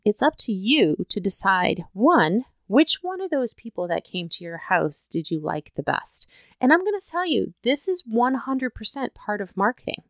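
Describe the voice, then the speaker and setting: A woman's voice: mid-range voice, no echo. A woman talking straight to her listeners in a casual, motivational way. She leans hard on key points and keeps asking "right?" to check they follow. The recording is dry and close, with no room sound at all. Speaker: podcast host.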